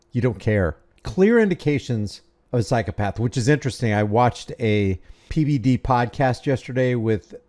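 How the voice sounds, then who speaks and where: A man's voice: fairly low pitch, a little mellow. A man giving indignant, sarcastic commentary over a video he is reacting to.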